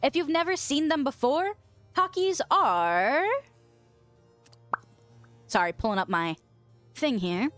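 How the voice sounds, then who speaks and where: A young woman from the western US chats loosely on a stream, reading out comments and cursing freely. Her voice sits a little high and swoops around with animated pitch. Soft music plays faintly underneath. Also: moderate pace, no room sound. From western United States. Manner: chatty, swears freely, laughs often. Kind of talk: casual chat reading viewer comments.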